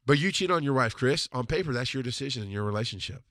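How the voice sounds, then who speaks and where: A man's voice: medium pitch, lively intonation, a bit bright, no room sound. Podcast host, male, blunt and intense, swears freely, mid-range voice, dead dry sound. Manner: emphatic, slows down on hard points. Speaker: podcast host answering listener questions. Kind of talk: casual monologue.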